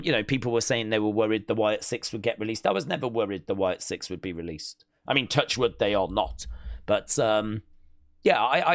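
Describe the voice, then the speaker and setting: A man's voice: mid-range voice, a bit bright, dry recording, clean studio sound. Chatty man reacting to clips. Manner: chatty, laughs often, lots of fillers. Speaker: wrestling news host. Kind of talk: casual chat reacting to clips.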